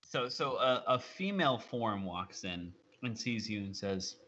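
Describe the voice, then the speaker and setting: Low-voiced man running a tabletop game. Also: expressive, unhurried, pushed and bright, dull audio. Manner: rambling narration full of fillers. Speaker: game master.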